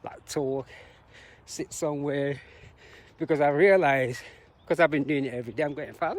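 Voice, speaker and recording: A man jogging outdoors along a road, slightly out of breath as he talks. His voice sits a little high, and his speech is reflective and motivational, broken up by easy laughs. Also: normal speed, long pauses. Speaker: vlogger. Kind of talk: talking to camera while jogging. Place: outdoors on a road beside traffic.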